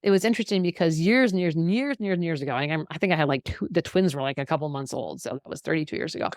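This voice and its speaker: Middle-aged woman, health teacher, lower pitch, dry close sound, lively and encouraging with frequent laughs. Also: very fast, dry recording. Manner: animated, encouraging, laughs often. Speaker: health educator. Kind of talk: faith-based teaching talk.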